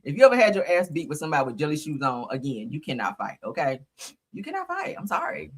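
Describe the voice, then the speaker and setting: Lady gossip host, cusses a lot, laughs loud, voice swings up and down a lot, talks to her viewers. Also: low-pitched, huge pitch swings, fast, slightly rough. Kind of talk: casual gossip commentary.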